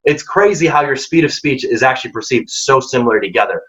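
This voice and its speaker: A man's voice: medium pitch, expressive, fast, fairly bright tone. A man presenting a career workshop, giving direct, emphatic advice and acting out quoted dialogue. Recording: dull lo-fi audio.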